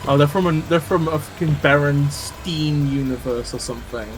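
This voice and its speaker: A man's voice: a little high, normal speed, slight background noise. A man streaming a game, chatting casually and teasing his partner, swearing freely. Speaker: streamer, host. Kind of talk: casual gameplay chat.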